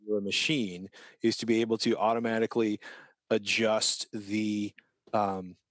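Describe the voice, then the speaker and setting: Man, low voice, casual podcast co-host, rambling, chuckling, dry sound. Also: flat delivery, measured pace, dry recording. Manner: rambling, self-interrupting, chuckling.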